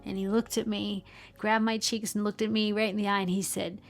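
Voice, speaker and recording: Gravelly-voiced woman telling a heartfelt story. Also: medium pitch, little pitch movement, fairly quick, soft background music. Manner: earnest, emotional storytelling with frequent small laughs. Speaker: podcast guest. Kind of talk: personal storytelling in conversation.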